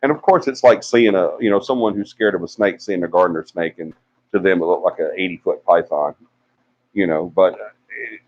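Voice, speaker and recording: On a live stream, a paranormal investigation team member with a fairly low, slightly mellow voice tells a story as if among friends, talking a little fast. He rambles with many fillers, his voice leaping up when he mimics what people said, and the audio is dull and lo-fi, like a home stream.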